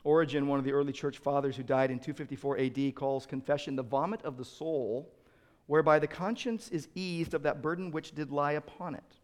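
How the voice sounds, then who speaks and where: A man pastor preaching a sermon, earnest and emphatic, building to loud peaks and repeating words as he restarts. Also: a little high, fairly even intonation, a little fast.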